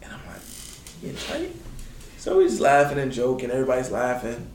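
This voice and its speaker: A man, a former college basketball player, casually telling stories in laid-back slang and acting out quotes with big jumps in his voice. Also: quick pace. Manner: animated, acts out quotes with big pitch jumps. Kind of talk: casual storytelling. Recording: roomy sound with faint noise.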